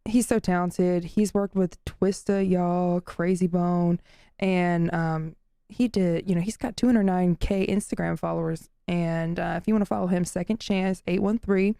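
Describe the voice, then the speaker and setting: A woman co-hosts a casual podcast with a low, gravelly, mellow voice. She gushes and laughs easily. The recording is dry and close. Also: steady tone, moderate pace, dry recording. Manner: bubbly, laughs often, gushing. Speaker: podcast co-host.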